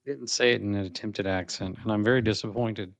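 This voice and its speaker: A man co-hosting a spiritual podcast in relaxed conversation. His voice is fairly low and recorded dry and close, with no room sound. He jokes around and chuckles often. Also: fairly quick, creaky, dry recording. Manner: joking, laid-back, chuckles often. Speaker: podcast co-host. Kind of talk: casual spiritual podcast chat.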